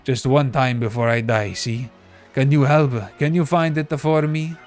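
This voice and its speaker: A man's voice: medium pitch, steady tone, unhurried, darkish tone, soft background music, close to an everyday voice. A man voicing an old Italian former sea captain, telling his tale in broken English with a put-on Italian accent. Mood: wistful.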